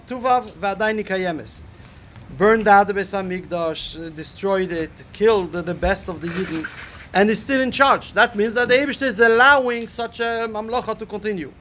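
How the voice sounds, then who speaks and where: A man's voice: high voice, a bit bright, a little hiss or hum. A man teaching a Talmud lesson. He reads a line aloud, then explains it, thinking aloud with fillers and rhetorical questions. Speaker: Torah teacher. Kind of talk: Talmud lesson, reading and translating a text.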